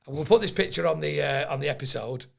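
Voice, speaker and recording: Fast and gravelly, with a voice on the high side, a comedian co-hosting a podcast rattles off comic stories. He laughs often and puts on voices for the people he quotes.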